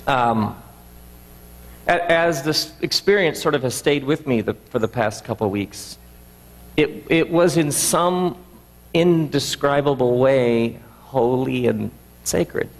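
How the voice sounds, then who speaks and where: Earnest man telling a story in a hall. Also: medium pitch. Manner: halting, earnest, with many restarts. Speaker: speaker. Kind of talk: reflective storytelling talk.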